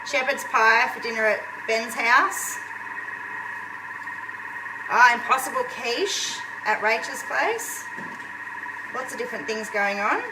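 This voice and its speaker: A woman chats to her viewers as she cooks live in her home kitchen. Her voice sits high, and her talk is easy and conversational. The live stream carries clear background noise. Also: slow, long pauses, far from the mic. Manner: chatty, talks to viewers while cooking. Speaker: home cook hosting a live cooking video. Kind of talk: live cooking demonstration, chatty.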